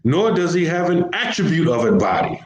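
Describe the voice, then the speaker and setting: A man's voice: on the high side, big pitch swings, brisk, muffled recording. A man teaching an informal religious lesson, talking conversationally in everyday slang and often repeating his phrases. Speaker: Islamic teacher. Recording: roomy echo with faint background hiss.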